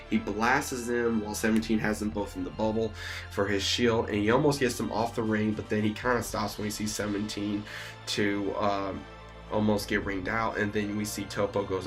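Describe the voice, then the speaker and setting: A young man casually retelling an episode in a rambling, excited way as a YouTube reviewer. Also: lowish voice.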